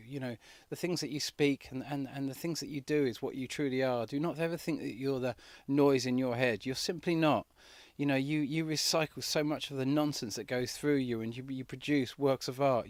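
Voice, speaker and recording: An earnest man talks in a rambling way and often starts his sentences over. His voice sits at an ordinary middle pitch. The sound is dry and close. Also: no room sound. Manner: earnest, rambling, many restarts. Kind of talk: rambling personal talk.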